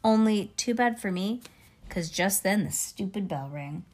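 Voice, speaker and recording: A woman reading a children's chapter book aloud in a lively, expressive way. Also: mid-range voice, unhurried, a little hiss or hum. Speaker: reader.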